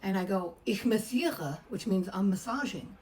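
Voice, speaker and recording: A woman's voice: mid-range voice, animated, moderate pace, a little mellow, rough recording. A middle-aged woman, a massage therapist, chattily telling a personal story and acting out the voices she quotes. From United States.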